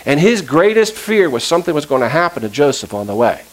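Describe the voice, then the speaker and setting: A man's voice: on the high side, very animated, quick pace, low-quality recording. A male pastor preaching a sermon, retelling a story with acted-out quotes and casual asides.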